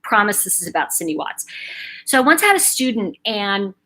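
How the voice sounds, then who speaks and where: Chatty, bright-voiced woman telling stories. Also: medium pitch, sing-song, normal speed. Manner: chatty, digressive, storytelling with quoted asides. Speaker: host, spiritual teacher. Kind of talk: casual commentary monologue.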